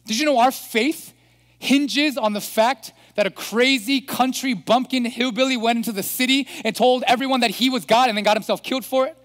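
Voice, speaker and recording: A man preaching a sermon as pastor, animated and throwing rhetorical questions at the congregation. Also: extremely high pitch, normal speed. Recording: long hall reverb.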